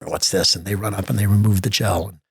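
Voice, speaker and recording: A middle-aged American man, a theater festival executive, telling lively stories in a podcast interview and acting out the voices he quotes. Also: fairly low pitch, fast, breathy edge, no room sound. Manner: animated storyteller acting out quotes.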